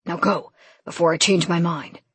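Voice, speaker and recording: A gruff young man with a protective streak gives orders in a low, husky voice, as a woman reading the story puts him on. His tone is stern and a little exasperated. The reading is dry and close to the mic. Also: fairly even intonation, normal speed, a bit bright, no room sound.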